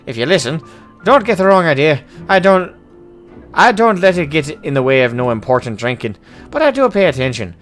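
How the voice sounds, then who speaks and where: A man's voice: a little high, very animated, fairly quick, fairly bright tone, faint music behind. A man doing a boisterous hard-drinking dwarf with a put-on Irish lilt. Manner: boisterous, boastful, hearty. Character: jovial hard-drinking male dwarf adventurer. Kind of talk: voicing game dialogue aloud.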